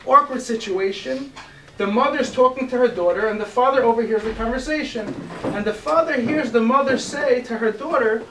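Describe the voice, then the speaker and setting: A man, a rabbi, giving a storytelling sermon to a gathering, animated and acting out the people in his stories. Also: very high voice, moderate pace. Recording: roomy, distant mic, faint hiss.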